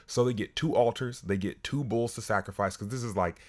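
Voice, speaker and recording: A man casually retelling a Bible story, joking in slang and swinging his pitch widely for emphasis. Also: fairly quick. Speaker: online Bible teacher.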